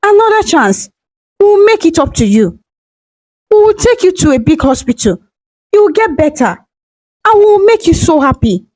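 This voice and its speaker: Brief: woman reading a desperate weeping daughter, pleading, high and animated. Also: normal speed, pauses often. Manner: tearful, pleading.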